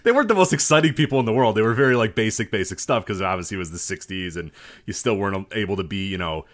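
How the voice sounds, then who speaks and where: Fast-talking lively man. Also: lowish voice. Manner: animated, laughs, does mock voices. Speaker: podcast co-host. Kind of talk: casual chat.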